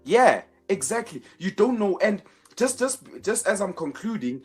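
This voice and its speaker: A man's voice: high-pitched, big pitch swings, measured pace, darkish tone, husky, faint music behind. A man hosting a finance show in casual commentary, emphatic, repeating words as he builds each point, with sarcastic asides.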